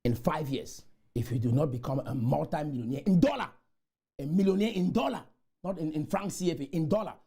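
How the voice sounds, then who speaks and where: A man from Cameroon, giving a motivational conference speech full of repeated chants that burst into shouts. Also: fairly high pitch, a little fast, slightly rough. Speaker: motivational speaker. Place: conference room.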